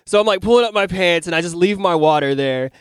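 Man, podcast host, animated storyteller, smooth voice, dry close sound. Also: high voice, quick pace, no echo. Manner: animated storyteller who acts out his own quoted lines, swears casually. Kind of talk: casual chat, telling a dream.

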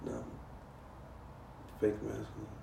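A man's voice: on the low side, very animated, slow pace, gravelly, echoey room, recorded from a distance, background noise. A man producing a studio session, coaching a rapper in a blunt, insistent, profane way. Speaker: music producer.

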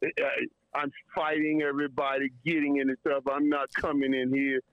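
A man's voice: medium pitch, flat delivery, moderate pace, no echo, phone-quality sound. A man telling a story in casual chat, emotional and tearing up, stumbling over repeated words and laughing often. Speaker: guest storyteller.

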